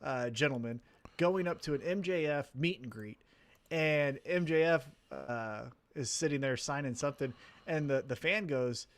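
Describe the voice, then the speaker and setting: A man co-hosting a wrestling podcast in casual chat, animated, swearing freely and laughing often. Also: on the high side, normal speed. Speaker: podcast co-host.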